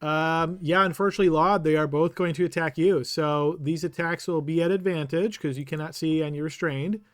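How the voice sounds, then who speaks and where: A man's voice: on the high side, fairly even intonation, brisk, dry recording, clean studio sound. A man running a tabletop game as game master, patiently explaining rules and thinking aloud.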